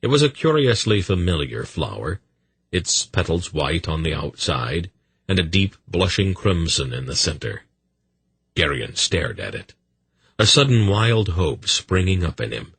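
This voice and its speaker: A man reads a dark fantasy audiobook with intense, dramatic storytelling. His voice is very deep, with a forceful, husky edge, and the recording is dry and close. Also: very animated, measured pace, no room sound. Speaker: audiobook narrator.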